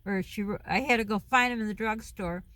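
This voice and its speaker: A woman's voice: medium pitch, fairly quick, fairly bright tone, dry recording. Chatty, rambling middle-aged woman vlogger. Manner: rambling, loses her thread and veers off topic; chatty, with frequent laughs. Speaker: vlogger and mom. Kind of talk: casual chat to camera. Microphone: camera phone.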